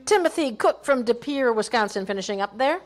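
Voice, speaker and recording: A woman's voice: a little high, lively intonation, fairly quick. A woman from Minnesota announcing skiers at a race finish line, calling each name and hometown with brief praise. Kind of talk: live race-call announcing.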